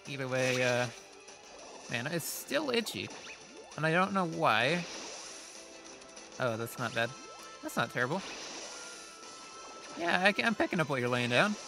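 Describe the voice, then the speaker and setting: A man's voice: mid-range voice, very animated, unhurried, vocal fry, long pauses, over music. A man giving casual, rambling commentary while playing a video game, reacting aloud and joking at his own expense. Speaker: let's play host.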